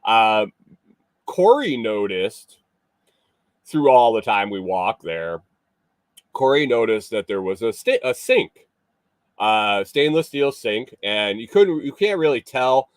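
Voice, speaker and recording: Low-voiced man rambling through a story. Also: lively intonation, slow pace, dry recording. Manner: rambling, many fillers and restarts. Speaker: morning show host. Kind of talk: casual storytelling.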